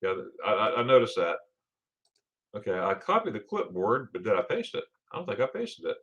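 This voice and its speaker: A middle-aged man from Florida runs a relaxed livestream, reading out viewer comments and greeting each person by name. His voice swings up and down with plenty of animation, and he laughs easily between his friendly remarks. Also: lowish voice, fairly quick, highs cut off. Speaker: livestream host. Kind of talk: casual live chat reading viewer comments.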